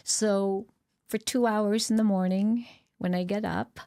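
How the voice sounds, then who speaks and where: A woman's voice: medium pitch, fairly even intonation, a little slow, warm tone. A middle-aged woman being interviewed as a guest, talking in an earnest, reflective way with frequent fillers and restarts. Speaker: podcast guest, author. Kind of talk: candid conversational interview.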